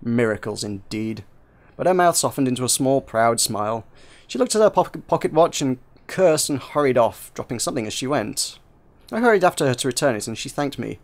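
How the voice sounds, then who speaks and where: A man's voice: medium pitch, expressive, a little fast. A man reading a narrative game aloud for viewers, narrating with frequent slips and restarts.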